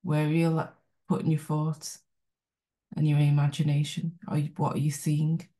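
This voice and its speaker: Calm, low-key woman giving motivational talk. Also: moderate pace. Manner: questioning, encouraging, conversational. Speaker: book club host.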